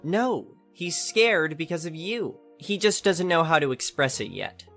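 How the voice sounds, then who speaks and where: A man voicing a meddling older woman who accuses strangers in a shrill, condescending way. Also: big pitch swings, a little slow, a bit bright, faint music behind, full character voice. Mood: accusing.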